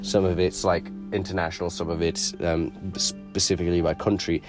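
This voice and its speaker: A man's voice: low-pitched, flat delivery, fairly quick, music in the background. A man co-hosting a podcast in casual chat, rambling and swearing a lot while putting on a British accent. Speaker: podcast co-host.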